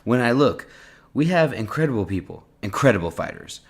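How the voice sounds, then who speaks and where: A man voicing an impression of a blustery US president, halting and repetitive with many uhs. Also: mid-range voice, very animated, slightly rough.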